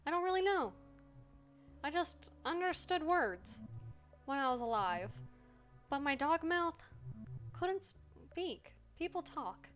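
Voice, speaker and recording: A woman's voice: high-pitched, very animated, slow, long pauses, fairly bright tone, soft background music, exaggerated voice. A woman voicing an earnest, friendly ghost puppy from a game, in a chirpy, slightly clumsy way. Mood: eager. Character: friendly, eager ghost puppy named Dave. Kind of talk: reading a game's dialogue aloud.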